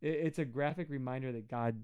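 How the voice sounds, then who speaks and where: Smooth, dry-sounding man, casual podcast co-host, rambles with lots of fillers. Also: a little fast, darkish tone, no echo, dull audio. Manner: rambling, many fillers, acts out quotes in a high whiny voice. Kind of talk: casual Bible study chat.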